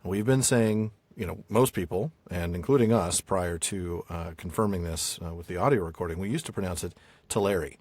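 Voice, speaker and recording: A man's voice: sits low, a little fast, hardly any pauses, a little mellow, no room sound. An American man hosting a podcast, explaining things in a casual discussion with frequent fillers. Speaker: podcast host.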